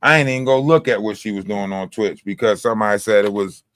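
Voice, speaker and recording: A man's voice: lowish voice, fast, smooth, no room sound. A man hosting a livestream with casual, profane commentary, telling stories and mimicking other people's lines. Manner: profane, animated storytelling with mimicked quotes. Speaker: livestream host.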